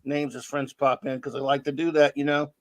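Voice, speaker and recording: A man's voice: mid-range voice, flat delivery, a little fast, dry recording. A man with a Cajun accent hosting a casual livestream chat, talking in a playful, rambling, jokey way. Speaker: podcast host.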